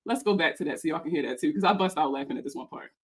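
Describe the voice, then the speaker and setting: Low and slightly rough, this woman's voice delivers a fast-talking, profane rant. She creates personal finance content and is reacting to a video about her, sounding heated, sarcastic and mocking.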